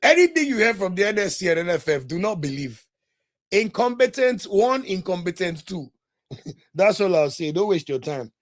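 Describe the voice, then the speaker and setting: Casting: young male podcast host, fairly high voice, animated and indignant live commentary. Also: moderate pace. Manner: animated, indignant, ranting with laughs. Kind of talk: live watch-along commentary, reading viewer comments.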